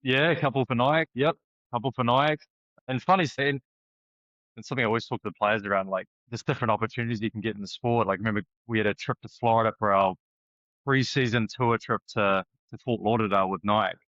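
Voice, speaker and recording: Speaking fast in a fairly low, slightly bright voice with fairly even intonation, this Kiwi rugby coach in his forties is an easygoing, chatty podcast guest who keeps restarting sentences. The recording is dry, dull and lo-fi.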